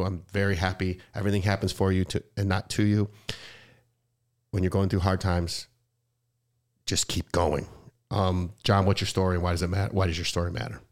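A man's voice: sits low, creaky. A man hosting a podcast interview, talking emotionally and rambling with many restarts. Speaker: podcast host. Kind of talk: heartfelt conversational interview.

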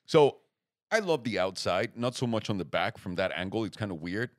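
A young man telling a story in casual chat, lively and swearing freely, acting out the other people's lines. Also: fairly low pitch, normal speed, dry recording, clean studio sound. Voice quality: animated storyteller, swears freely, acts out quoted voices.

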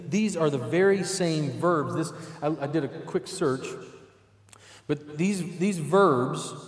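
A man preaching a sermon as pastor, conversational and emphatic, with casual asides to the congregation. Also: a little high. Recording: roomy hall with long reverb.

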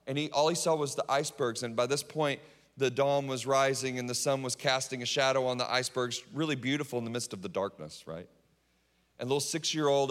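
A man preaching a sermon, telling stories, sometimes dropping to a hush and then rising to strong emphasis. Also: on the high side. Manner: storytelling, swings between hushed and emphatic. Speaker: pastor. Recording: long hall reverb.

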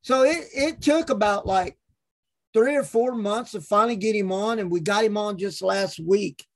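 High-voiced and speaking at normal speed, a man hosts a podcast full of casual storytelling. He's profane and animated, acting out the quotes as he goes.

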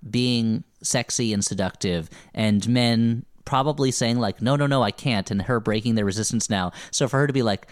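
A man co-hosting a podcast, chatting about a TV series with quick jokes and asides. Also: lowish voice, no echo, studio quality. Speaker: podcast co-host. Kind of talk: casual recap chat.

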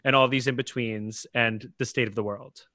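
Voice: mid-range voice, fairly even intonation, moderate pace, pushed and bright, dry recording, clean studio sound. An interview host chatting casually with a guest, playful and gushing.

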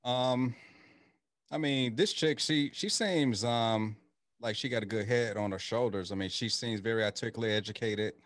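A man's voice: medium pitch, normal speed, a bit bright. Rambling man hosting a podcast. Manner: loose, rambling, with many restarts and fillers. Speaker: podcast host. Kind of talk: casual podcast chat.

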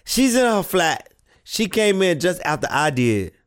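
A woman voicing an earnest, thoughtful seven-year-old boy, who speaks slowly and questioningly in an audio play reading. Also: lowish voice, big pitch swings. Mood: hurt. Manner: slow, earnest childlike questioning.

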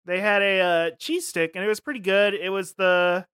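A man's voice: moderate pace, clear, resonant tone, no echo, studio quality. A man co-hosting a podcast in casual chat, rambling and giggling as he talks. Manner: rambling, giggly, lively pitch. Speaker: podcast co-host.

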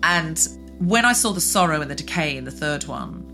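A woman podcast host telling a personal story in earnest, halting chat. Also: low voice, expressive, music in the background. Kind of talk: casual chat.

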